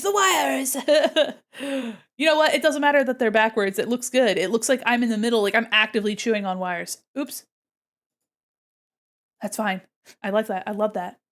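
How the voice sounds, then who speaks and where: A young adult woman chatting casually on her art livestream, excitable and gushing, giggling often. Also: fairly high pitch. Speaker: art streamer.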